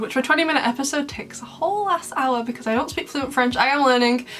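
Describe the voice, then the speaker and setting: A woman's voice: mid-range voice, a bit bright. A young woman chatting casually to camera, bubbly and rambling, laughing often. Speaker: YouTuber reviewing fan memes.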